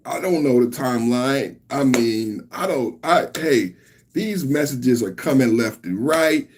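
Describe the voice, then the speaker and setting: Guy on a podcast going off, husky voice, slow and drawn out, pitch all over the place. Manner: animated, laughing, incredulous. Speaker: podcast host. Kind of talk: casual commentary.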